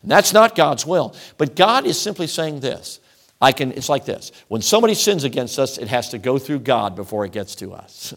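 A man's voice: medium pitch, very animated, moderate pace, a bit bright. A middle-aged man preaching a sermon, emphatic and rhythmic, stacking repeated phrases into lists. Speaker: traveling preacher.

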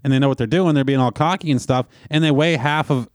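Deadpan, cocky podcast co-host man. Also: medium pitch, quick pace, no room sound, studio quality. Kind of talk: casual chat.

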